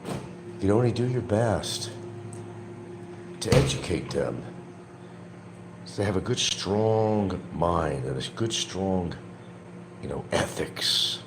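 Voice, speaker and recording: A man's voice: sits low, expressive, slow, pauses often, noisy background. An older man rambling in a casual, opinionated monologue to his viewers as a livestream host. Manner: opinionated, drifting, talks to viewers.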